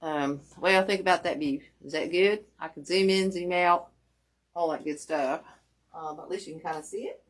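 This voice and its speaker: The host of a wreath-making class keeps a steady tone and normal speed in her lowish voice. As she shows the craft project live, she chats casually with viewers and jokes at her own expense.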